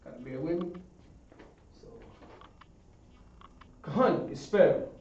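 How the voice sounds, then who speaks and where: A man's voice: on the high side, lively intonation, slow pace, a little mellow. A man teaching a Hebrew class at a board, explaining step by step and checking that students understand. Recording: echoey room, distant dull sound.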